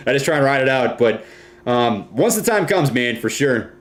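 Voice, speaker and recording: A man's voice: medium pitch, animated, brisk. A young man from Minnesota hosting a casual live stream, reading viewer comments and often ending lines with "right?" and "man".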